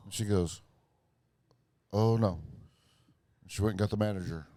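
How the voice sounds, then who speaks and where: A man on a casual podcast, telling a story in a rambling, profane way with lots of fillers and restarts. His voice sits on the low side. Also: measured pace, dark tone, no echo. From Springfield, Missouri area. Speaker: podcast co-host.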